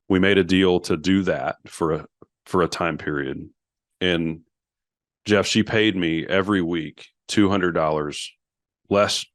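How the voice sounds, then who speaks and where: A man's voice: low voice, dry recording, clean studio sound. A man as a podcast guest, earnestly retelling an emotional story with many restarts and quoted dialogue.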